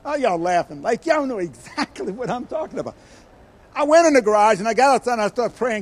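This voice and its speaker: Older guy preaching, highish voice, gets loud then drops real quiet, acts out the voices. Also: brisk. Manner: animated storytelling, acts out quoted voices with sudden loud bursts and quiet asides. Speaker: guest preacher. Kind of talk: sermon.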